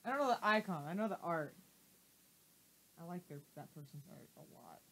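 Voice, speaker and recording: Art streamer: an animated woman whose voice swings widely, joking around while she sketches. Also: lowish voice, brisk, slight background noise, poor audio. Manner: animated, jokey, acts out quotes in funny voices. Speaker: livestream artist drawing on stream. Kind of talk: casual chat.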